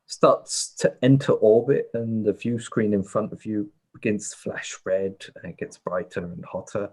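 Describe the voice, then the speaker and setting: Casting: male game master, lowish voice, halting narration with lots of "uh". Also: a little mellow, breathy edge. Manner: hesitant, many fillers.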